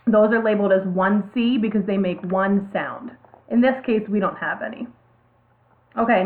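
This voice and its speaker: Female teacher, patient step-by-step delivery, letters spelled out, narrow phone-like sound. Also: medium pitch. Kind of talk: classroom video lesson. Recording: tinny phone-like audio.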